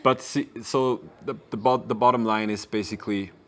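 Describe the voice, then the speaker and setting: A man's voice: fairly low pitch, steady tone, normal speed, crowd noise. A man, a native German speaker, hosting a casual podcast interview in a hostel and asking loose, rambling questions. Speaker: podcast host.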